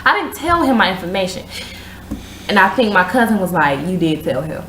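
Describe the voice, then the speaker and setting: A woman hosting a casual chat show, telling a long story with slang and acting out the other people's lines in a higher voice. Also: a little fast, echoey room, background noise. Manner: animated, slangy, acts out quotes in a higher voice. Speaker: show host.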